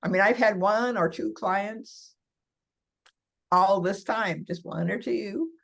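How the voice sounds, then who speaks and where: A woman's voice: medium pitch, slow pace, vocal fry. Chatty laughing woman, older guest. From California. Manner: chatty, laughs often, animated storytelling. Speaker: guest, massage therapist for seniors. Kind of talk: casual interview chat.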